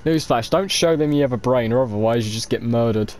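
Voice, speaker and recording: A man's voice: medium pitch, fast, darkish tone, soft background music. A man, streaming a multiplayer game and swearing, laughing and accusing other players. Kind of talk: casual game chat.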